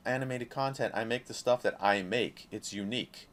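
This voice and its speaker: A man's voice: mid-range voice, moderate pace, a bit bright. A man giving a passionate, profane, rambling monologue as an independent creator speaking to camera. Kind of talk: casual talking-head monologue.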